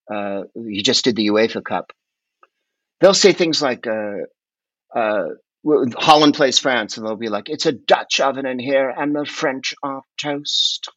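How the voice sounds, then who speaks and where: A man telling long, rambling, animated stories in casual chat as a podcast guest, often swearing along the way. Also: mid-range voice, no room sound, highs cut off. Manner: rambling, animated, profane storyteller.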